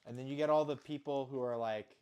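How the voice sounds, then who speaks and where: A man's voice: medium pitch, steady tone, fast talker, darkish tone, smooth. Home-cook vlogger, male, loose and self-deprecating, casual profanity. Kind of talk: casual kitchen chat.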